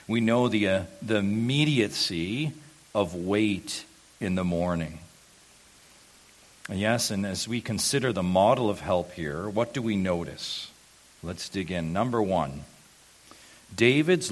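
Male pastor, lower voice, earnest sermon delivery with emphatic swells. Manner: earnest preaching, rising to emphatic peaks. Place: church sanctuary.

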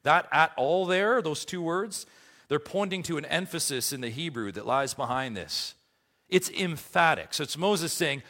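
A man preaching a sermon as pastor, emphatic, with big swings between soft low passages and loud high ones. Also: animated, normal speed. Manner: emphatic preaching with wide swings in pitch and loudness.

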